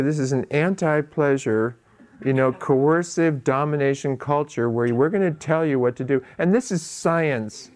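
A man's voice: fairly high pitch, normal speed, darkish tone. A man giving a conversational dharma talk at a meditation center, laughing often and tossing in asides. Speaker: meditation teacher. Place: meditation hall.

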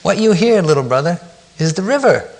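A man's voice: high voice, big pitch swings, a little fast, a little mellow, big-room sound, voice pushed up, exaggerated voice. A man voicing a kindly male raccoon who guides a small mouse in a read-aloud story. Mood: warm.

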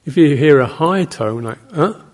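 A man, a Buddhist monk, giving an informal dharma talk in a rambling, anecdotal way, breaking into soft laughs and short acted-out exclamations. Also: medium pitch, unhurried, creaky, husky. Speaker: Buddhist monk teaching meditation.

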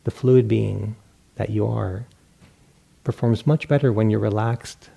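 A middle-aged man teaching meditation in a relaxed dharma talk, poking fun at himself and acting out his own inner voices. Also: on the low side, measured pace, gravelly, breathy edge. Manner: relaxed, self-mocking, acts out inner voices.

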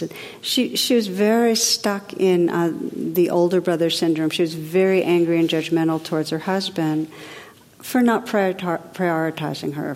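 A woman meditation teacher giving a spiritual talk in a gentle, reflective, unhurried way with soft drops in her voice. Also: low voice. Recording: long reverb of a large hall.

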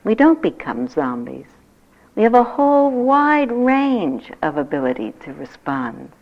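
An older woman, a meditation teacher, giving a gentle, reflective dharma talk that turns lively when she tells stories. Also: mid-range voice, unhurried. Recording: dull lo-fi talk recording.

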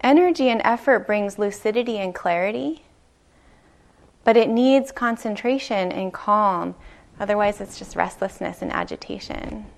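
A woman meditation teacher giving a dharma talk, telling a story slowly and gently, with soft pauses. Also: mid-range voice, gravelly. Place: retreat meditation hall.

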